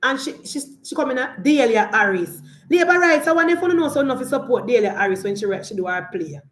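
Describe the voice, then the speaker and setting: A woman's voice: high voice, expressive, fast, fairly bright tone, roomy sound. A Jamaican woman in her forties giving a fiery, opinionated political monologue, full of repeated lines and rhetorical questions. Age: 40s. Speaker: political commentator.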